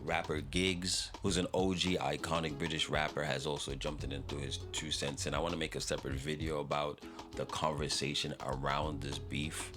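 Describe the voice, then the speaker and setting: A man's voice: rumbling low, flat delivery, normal speed. A man hosting a music reaction video, talking in a laid-back, rambling way with frequent laughs and casual swearing.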